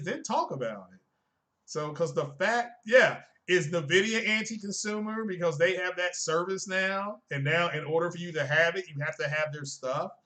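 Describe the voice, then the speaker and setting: A man's voice: on the high side, pushed and bright. A man streaming casual commentary on tech and games, emphatic and chiding, asking his viewers rhetorical questions.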